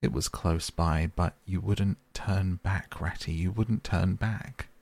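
A man's voice: low-pitched, steady tone, vocal fry, a little mellow, heavily acted. A man doing a sobbing homesick mole. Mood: grieving. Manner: sobbing, halting, stammering. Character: tearful homesick male mole, timid and pleading.

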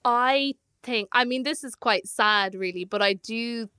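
Woman musician, bright and smooth, dry close sound, playful casual chat. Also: fairly high pitch, measured pace, no room sound. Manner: chatty, playful, exaggerating for laughs. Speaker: touring musician guest.

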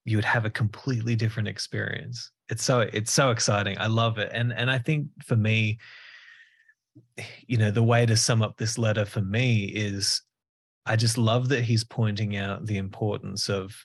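Earnest, low-voiced man host. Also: fairly even intonation, normal speed, creaky, breathy edge. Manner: earnest, effusive, with repeated restarts. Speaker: podcast host. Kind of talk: conversational podcast discussion.

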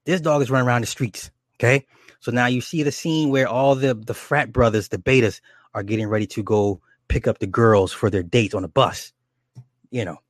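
A man casually retelling a horror movie's plot in a rambling, animated and profane way, with many restarts. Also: medium pitch, normal speed, dry recording, studio quality. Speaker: storyteller recounting a horror movie.

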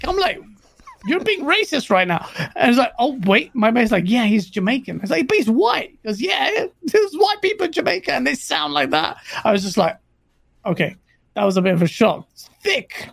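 A man's voice: sits high, vocal fry, fairly bright tone, no room sound, clean studio sound. A man with a London accent co-hosting a live stream, talking enthusiastically, laughing often and repeating himself. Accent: London English. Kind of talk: casual live-stream chat.

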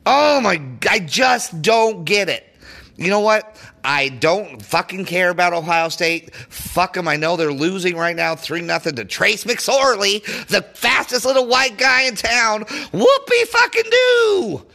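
A man hosting a podcast, ranting furiously as a sports fan, profane and often shouting, his voice rising high when angry. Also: measured pace, vocal fry. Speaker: podcast host.

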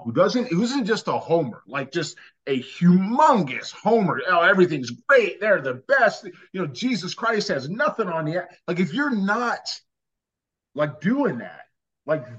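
A man's voice: fairly high pitch, a bit bright. A man co-hosting a sports podcast, ranting emphatically and with exasperation, restarting his sentences often. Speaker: podcast co-host. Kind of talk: casual sports podcast talk. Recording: dull lo-fi audio.

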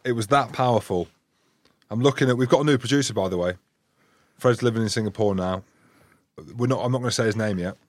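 A man's voice: fairly low pitch, fast talker, no echo. A man hosting a rugby podcast, boisterous and teasing, laughing often as he chats in a studio. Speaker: podcast host and former rugby player. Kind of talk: banter-filled casual chat.

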